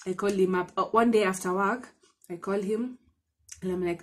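A young woman with a Kenyan accent, telling a personal story to her viewers in an excitable, chatty way. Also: medium pitch, normal speed. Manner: chatty and excitable, mixing in Swahili, many restarts. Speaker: vlogger. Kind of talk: casual storytelling to camera.

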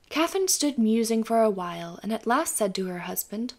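A woman narrating a fairy tale audiobook in a calm, even storytelling manner. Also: a little high, fairly quick, hardly any pauses. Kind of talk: scripted bedtime story narration.

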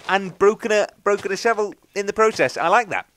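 A man's voice: high-pitched, a little fast, a bit bright. A young man rambling chattily through let's play commentary, often poking fun at himself. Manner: rambling, chatty, self-mocking. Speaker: gaming channel host.

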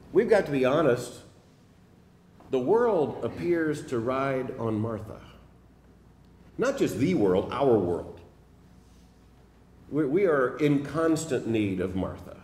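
A man's voice: medium pitch, darkish tone. Emphatic male preacher in an echoing chapel. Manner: emphatic, repeats phrases for stress. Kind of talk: sermon. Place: seminary chapel. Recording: echoey hall from a distance.

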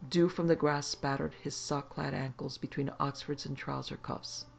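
A man narrating a horror story in a dramatic, expressive reading. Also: on the high side, moderate pace, creaky.

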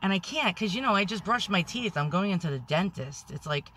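A woman vlogging on her phone from inside a parked car, rambling anxiously, swearing a lot and talking loudly when nervous. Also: medium pitch, lively intonation, brisk, slight background noise. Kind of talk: nervous selfie vlog.

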